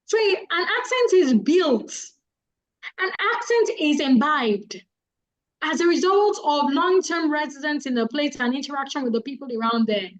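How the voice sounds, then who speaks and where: A woman's voice: high voice, lively intonation, moderate pace, low-quality recording. A woman with a Nigerian accent giving public speaking advice, emphatic and repeating points for effect. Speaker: guest speaker.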